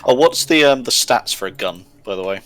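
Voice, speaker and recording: A man's voice: medium pitch, lively intonation, fairly quick, a bit bright. A man playing in a tabletop game, easygoing and agreeable. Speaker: player. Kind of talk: casual tabletop game chat.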